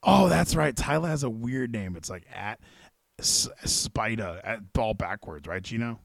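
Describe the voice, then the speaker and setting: Excitable man hosting a live wrestling stream. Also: on the low side, measured pace, vocal fry, dry recording, studio quality. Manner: excitable, swears casually, thinks aloud. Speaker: stream host.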